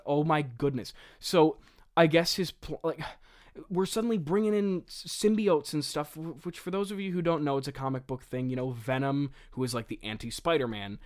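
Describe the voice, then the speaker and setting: A man's voice: on the high side, moderate pace. A young man giving comedic commentary on his old script, incredulous, laughing and rambling. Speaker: host.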